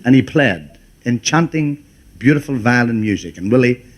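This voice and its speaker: A man's voice: mid-range voice, lively intonation, normal speed. A man telling jokes in a stand-up comedy routine, spinning stories with quoted dialogue.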